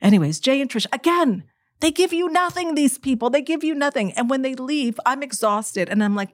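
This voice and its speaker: A middle-aged woman telling her own story to an audience, emotional and animated, speaking straight to her listeners. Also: high voice, a little fast, dry recording, studio quality. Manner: animated, emotional, direct address.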